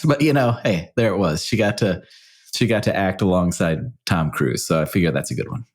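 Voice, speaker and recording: A man's voice: sits low, expressive, fairly quick. A man, a wine expert guest, chatting casually and rambling with lots of fillers. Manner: rambling, many fillers like "like" and "you know". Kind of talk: casual chat.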